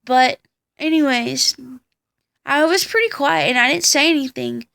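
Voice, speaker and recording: A woman's voice: high voice, unhurried, vocal fry, a bit bright. A tired young woman telling a personal story on her vlog, blunt and profane as she recounts it. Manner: blunt and profane, heated retelling. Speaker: vlogger.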